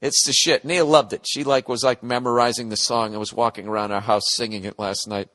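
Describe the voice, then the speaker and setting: A middle-aged man hosting a podcast, rambling casually in an animated, profane, sarcastic way. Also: medium pitch, brisk. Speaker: podcast host.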